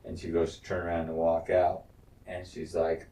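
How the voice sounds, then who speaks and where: A man's voice: low voice, completely flat delivery, moderate pace, warm tone, reverberant, distant mic, rough recording. A man co-hosting a podcast, casually recapping a TV episode, swearing, laughing and acting out quotes. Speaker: podcast co-host.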